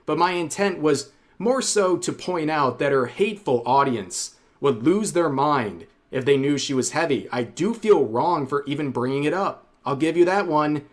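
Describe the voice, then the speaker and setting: A man's voice: on the high side, lively intonation, normal speed, hardly any pauses. Man narrating wry drama commentary. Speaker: youtube commentator. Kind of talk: scripted commentary voice-over.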